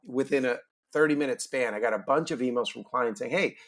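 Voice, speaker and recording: A middle-aged man tells a long personal story as a podcast guest. He is animated and acts out the dialogue from his story. His voice sits at a middle pitch for a man. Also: brisk. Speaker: podcast guest, business owner. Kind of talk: storytelling in a casual interview.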